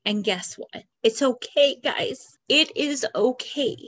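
A woman in her forties speaks alone on her podcast, tearful and halting. She talks slowly and earnestly, in a voice a little higher than most women's. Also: animated, fairly bright tone. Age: 40s. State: crying. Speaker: podcast host. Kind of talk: personal monologue.

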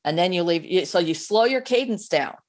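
Animated woman giving sales advice. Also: on the low side, brisk. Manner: animated, chatty, with frequent restarts. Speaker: sales coach guest. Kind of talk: conversational interview, giving advice.

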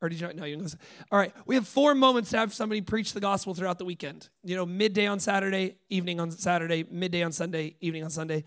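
A man preaching a sermon, telling stories with lively acted-out dialogue, dropping to hushed lines and rising to loud bursts. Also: sits high, very fast, hardly any pauses. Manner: animated storytelling, acts out dialogue, swings from hushed to loud.

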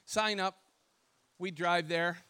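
A man giving a casual, animated preaching testimony with self-deprecating humor and lots of "like" fillers. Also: high voice, slow, smooth. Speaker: speaker sharing testimony.

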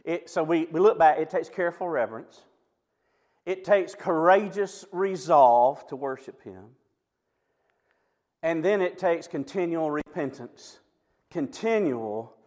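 A man in his fifties preaching a sermon, lively and chatty, with personal stories and quick asides to the congregation. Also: on the high side. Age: 50s. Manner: animated, storytelling preacher with asides and quick jokes. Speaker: pastor.

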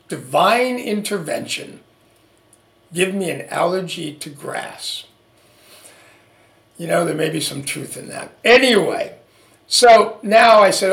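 Animated storytelling man, gravelly voice. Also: high voice, takes it slowly, long pauses, echoey room. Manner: animated, acts out quoted dialogue. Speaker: podcast host. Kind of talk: storytelling monologue.

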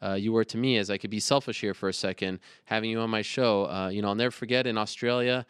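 A man's voice: lowish voice, fairly even intonation, quick pace, clear, resonant tone, no echo, clean studio sound. A man in his thirties hosting an interview show, speaking earnestly to his guest and then announcing upcoming events. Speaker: host. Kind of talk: interview and show host talk.

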